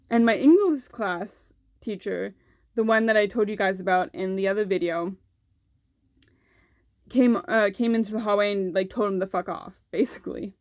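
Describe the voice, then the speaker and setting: A woman's voice: medium pitch, normal speed, a little mellow, no room sound, dull audio. Candid young woman vlogger, dry sound. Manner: candid, swears freely, heavy use of "like". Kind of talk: casual storytelling vlog.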